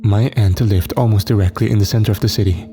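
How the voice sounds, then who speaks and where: A man tells a horror story in a steady, somber narration. His voice sits low and sounds mellow and dark. Soft music plays under him. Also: fast.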